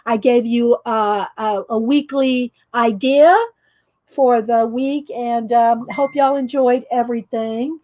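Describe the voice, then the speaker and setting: A woman's voice: on the high side, fairly even intonation, takes it slowly, warm tone. A woman with a Southern US accent hosting a casual live stream, chatty and laughing often as she talks to viewers by name. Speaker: channel host reading prompts to live viewers.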